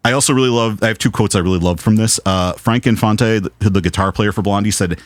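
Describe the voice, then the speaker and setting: A man co-hosting a podcast, telling anecdotes in an animated, casual way with some swearing. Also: fairly low pitch, fast, hardly any pauses, no room sound. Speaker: podcast co-host. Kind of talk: casual film chat.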